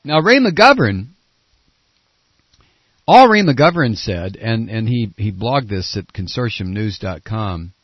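A man's voice: lowish voice, very animated, takes it slowly, husky, no echo. A man hosting a political talk radio show, ranting sarcastically and reading news clips aloud, on a dull lo-fi broadcast. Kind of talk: opinionated talk radio monologue.

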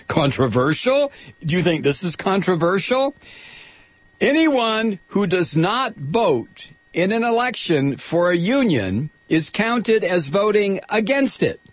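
A man hosting a political talk radio show, reading news in a sarcastic, animated way that climbs into outraged shouting. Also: high-pitched, a little slow, no room sound.

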